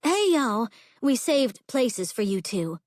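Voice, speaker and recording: A woman voicing a bubbly, pregnant young ranch woman with a chirpy, high drawl. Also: big pitch swings, moderate pace, a little mellow, dry recording, studio quality.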